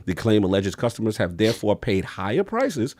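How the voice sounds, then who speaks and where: A man hosting a gaming podcast, reading out a news report in an even way with small fillers. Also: on the low side, a little fast, no echo. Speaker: podcast host. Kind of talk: reading out news, then casual chat.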